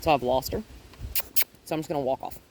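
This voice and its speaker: A woman dog trainer walking a dog outdoors, explaining her steps calmly and praising the dog in a high, happy voice. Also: quick pace. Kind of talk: hands-on training demonstration. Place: outdoors in a yard with trees. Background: faint wind.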